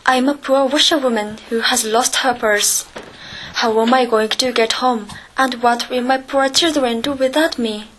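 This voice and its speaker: A woman's voice: steady tone, a little slow, fairly bright tone, a little hiss or hum. A woman voicing a scared, boastful male toad on the run in a children's story. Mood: pleading. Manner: pleading, high-pitched storytelling voice.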